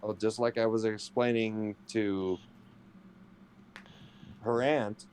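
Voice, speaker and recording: A man's voice: fairly low pitch, fairly even intonation, slow pace, darkish tone, slight background noise. A man chatting casually, telling wry, sarcastic anecdotes about his girlfriend. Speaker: streamer's boyfriend. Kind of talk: casual storytelling chat.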